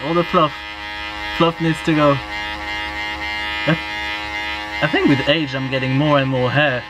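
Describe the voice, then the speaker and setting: A man's voice: a little high, steady tone, a little slow, over loud music, poor audio. A man chatting casually and jokingly with his partner while he is being shaved. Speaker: partner of the vlogger. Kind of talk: casual chat.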